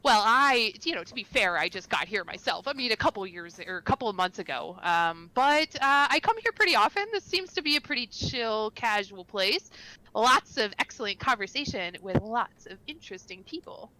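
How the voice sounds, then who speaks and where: A woman's voice: on the high side, lively intonation, normal speed, sharp tone, low-quality recording. A woman playing a chatty, outgoing half-elf in a tabletop game. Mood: friendly. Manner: gushing, outgoing.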